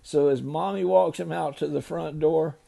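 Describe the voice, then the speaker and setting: A man's voice: fairly high pitch, fairly even intonation, moderate pace, gravelly, warm tone. An older man, a grandfather, loosely retelling a children's story to a grandchild, ad-libbing with small slips.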